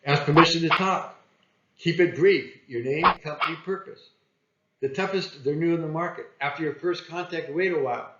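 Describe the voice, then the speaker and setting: A man's voice: on the high side, normal speed, fairly bright tone, roomy sound, dull audio, a little hiss or hum. A man giving plain-spoken sales coaching and acting out phone calls. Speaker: sales trainer.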